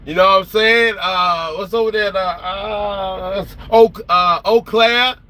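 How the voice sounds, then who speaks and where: A trucker vlogger from South Carolina, speaking slowly in a high voice, tells stories on a late-night trucking livestream. His delivery is animated, slangy, and emphatic.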